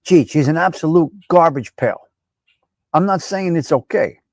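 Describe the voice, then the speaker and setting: A man hosting a casual live-stream chat, brash, profane and animated as he talks back at viewers by name. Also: fairly high pitch, moderate pace, dry recording. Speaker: live show host.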